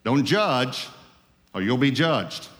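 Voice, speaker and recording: A man delivers a sermon as pastor, leaning hard on key phrases in emphatic, rising and falling waves. His voice sits at an ordinary male pitch. A long reverb trails after him, as in a large church sanctuary. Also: very animated, slow pace, fairly bright tone.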